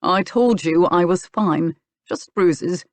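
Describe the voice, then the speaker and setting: A woman voicing a stubborn, gruff young male physician in an audiobook, speaking bluntly. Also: sits high, slow, no echo. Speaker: village physician. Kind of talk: audiobook character dialogue.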